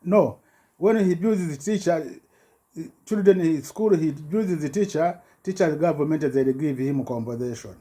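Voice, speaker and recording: A man giving a rambling personal account in halting broken English, full of restarts and repetitions, his voice jumping up when he gets agitated. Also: on the high side, warm tone. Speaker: self-recorded complainant.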